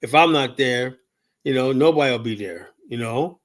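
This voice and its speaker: A man's voice: mid-range voice, moderate pace, fairly bright tone. A man from the United States hosting a call-in show, ranting heatedly and asking "you know?" again and again. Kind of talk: ranting livestream commentary.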